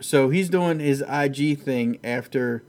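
A man's voice: mid-range voice, measured pace, darkish tone. A man hosting a casual, profane chat about fights, rambling and laughing easily. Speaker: podcast host.

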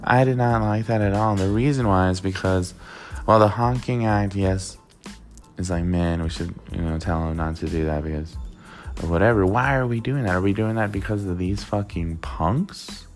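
Casting note: man, low and gravelly, rambling profane storyteller vlog read, faint music behind. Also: normal speed. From Worcester, Massachusetts. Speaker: vlogger. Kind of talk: casual storytelling.

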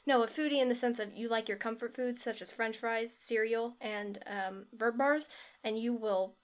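A woman's voice: a little high, moderate pace. A young woman co-hosting a podcast, chatting casually, teasing her co-host and retelling stories with animation. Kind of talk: casual chat.

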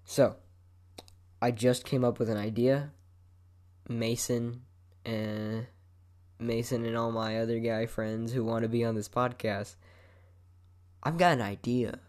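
A young podcast host delivers a rambling, easygoing solo monologue, peppered with swearing, his head drifting around the microphone. His mid-range voice is a little mellow and steady in tone, slow, with long pauses.

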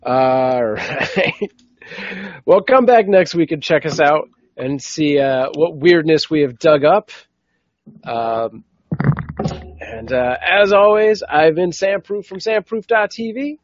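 A man's voice: on the high side, slow, dry recording. Easygoing male podcast host, dry lo-fi sound. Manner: easygoing, steers the talk back on track. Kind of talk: casual chat.

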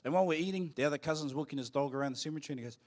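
A man with a New Zealand accent preaches in a church, his voice sitting a touch higher than most men's. He tells cheeky, joking stories and acts out the quotes in a raised voice. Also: racing, darkish tone. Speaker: pastor. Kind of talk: sermon with storytelling.

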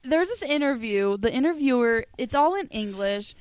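A woman co-hosting a casual podcast, her voice sitting very high. She gushes and giggles through her stories. The sound is dry and close. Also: expressive, moderate pace, a little mellow, clear, resonant tone, no room sound. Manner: gushing, giggly storytelling. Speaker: podcast co-host. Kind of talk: casual chat.

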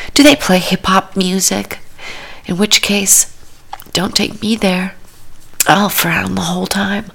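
A woman's voice: medium pitch, a bit bright. A woman podcast host giving comedic commentary on a cooking show, with dry, rambling asides that often drop to a whisper.

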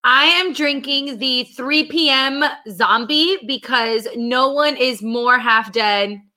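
A young woman joins a podcast chat with dry, swearing humor. Her voice is high and bright. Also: takes it slowly. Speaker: podcast co-host. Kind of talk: casual chat.

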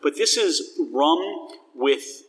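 A man's voice: a little high, expressive, slow, distant mic. A man hosting a casual tasting chat, talking enthusiastically and descriptively in a rambling way. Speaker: host. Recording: long hall reverb.

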